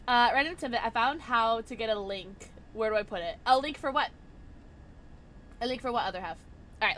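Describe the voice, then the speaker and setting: Tipsy girl streamer, super bouncy voice, bright and high, gushes at chat. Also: a little hiss or hum. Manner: bubbly, excitable, squeals and laughs a lot. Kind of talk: casual live-stream chat while gaming.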